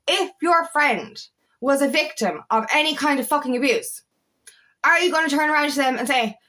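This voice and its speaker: A young adult woman who works as a feminine empowerment coach speaks candidly and passionately in a personal vlog. Her voice is high and fairly bright, her pace brisk, and she swears freely and keeps restarting sentences. The recording quality is low.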